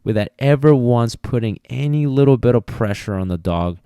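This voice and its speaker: A man's voice: fairly low pitch, steady tone, normal speed, warm tone, smooth, dry recording. A man hosting a podcast, explaining dog training in a casual, repetitive way and sometimes acting out commands. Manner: explanatory, repeats himself, acts out commands. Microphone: podcast mic.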